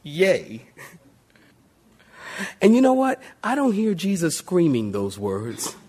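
A pastor preaching a sermon in a folksy, animated way, calling on the congregation to answer back. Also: male voice, fairly high pitch, slow, husky.

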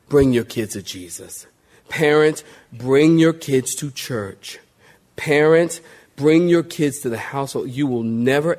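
A pastor preaching a sermon in a folksy, animated way, calling on the congregation to answer back. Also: male voice, medium pitch.

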